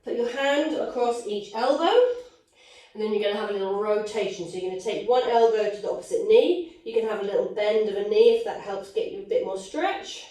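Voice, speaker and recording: A woman's voice: medium pitch, lively intonation, brisk, warm tone. A woman leading a live online pilates class, counting reps aloud with upbeat cues, out of breath. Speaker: pilates instructor. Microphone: video call. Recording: echoey room, distant from mic.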